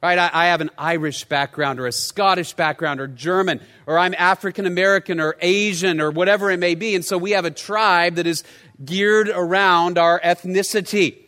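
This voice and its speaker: Middle-aged male pastor, high and bright, animated storytelling sermon, reverberant church hall. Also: normal speed. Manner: storytelling, animated, self-deprecating humor. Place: church sanctuary. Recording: long hall reverb from the sanctuary.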